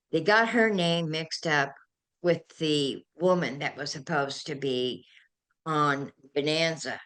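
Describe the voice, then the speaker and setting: An older woman, a guest on a talk show, telling animated and emotional stories. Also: deep voice. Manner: animated, emotional storyteller who gets carried away. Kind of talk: anecdotal storytelling in a chat.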